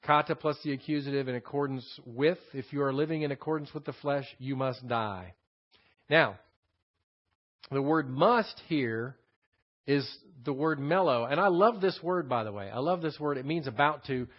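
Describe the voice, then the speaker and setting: A pastor from Texas, speaking with a Texan accent at medium pitch and moderate pace, teaches a Bible passage. He explains the Greek words and repeats his key phrases, captured on a dull lo-fi sermon recording.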